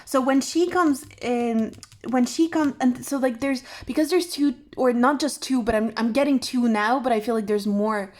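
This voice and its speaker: A woman's voice: fairly high pitch, normal speed. A woman tarot reader thinking aloud to camera, musing and restarting her sentences as ideas come to her. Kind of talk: intuitive tarot reflection to camera.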